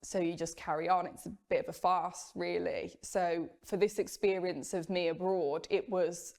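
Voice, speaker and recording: Low-voiced woman telling her story. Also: fairly even intonation, darkish tone. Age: young adult. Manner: candid, measured storytelling with rueful laughs. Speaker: former Jehovah's Witness sharing her story. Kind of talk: personal testimony.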